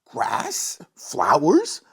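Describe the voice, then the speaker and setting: A storyteller reading a bedtime storybook and voicing Lily, a curious and excitable young girl, in a raised, quick voice with a gravelly, breathy edge. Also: medium pitch, exaggerated voice.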